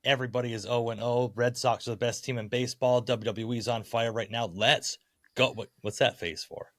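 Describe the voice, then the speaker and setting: A man's voice: mid-range voice, fairly even intonation, a little fast, a bit bright, dry recording, studio quality. A man co-hosting a wrestling podcast, bantering casually and chuckling often. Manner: laid-back, chuckling banter. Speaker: podcast co-host.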